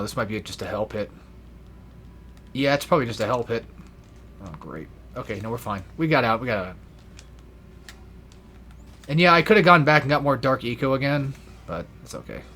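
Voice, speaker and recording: Rambling young man with a lively voice. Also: mid-range voice, a little hiss or hum. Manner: rambling, swears freely, self-deprecating. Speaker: let's play gamer. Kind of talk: casual gameplay commentary.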